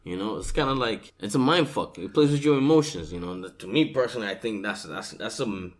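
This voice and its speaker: A man's voice: on the low side, lively intonation, brisk. A man hosting a podcast, chatting casually, swearing freely and laughing often. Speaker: podcast host. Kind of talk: casual chat.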